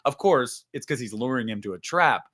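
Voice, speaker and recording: A man talking casually about horror films, swearing freely and acting out scenes, jumping into loud bursts. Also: medium pitch, fairly quick. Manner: animated, swearing, acts out movie scenes with sudden loud jumps. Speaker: podcast host. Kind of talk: casual movie chat.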